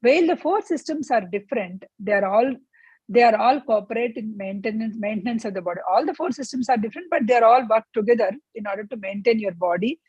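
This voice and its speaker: A woman's voice: on the high side, fast, darkish tone, husky, no room sound, highs cut off. A woman leading a spiritual book club, reading passages aloud and explaining them with rhetorical questions. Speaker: book club discussion leader.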